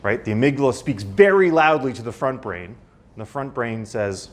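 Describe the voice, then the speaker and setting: A man's voice: expressive, fairly quick. A man giving a university lecture in a conversational way, often checking in with "right?" and now and then acting out sudden startled cries. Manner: conversational, with frequent "right?" and restarts; acts out voices with sudden high outbursts.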